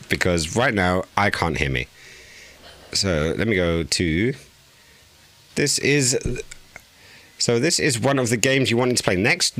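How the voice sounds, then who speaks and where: A man with a lowish, bright voice and a forceful tone streams live, chatting casually. He gets flustered while adjusting the audio settings on his new desk microphone.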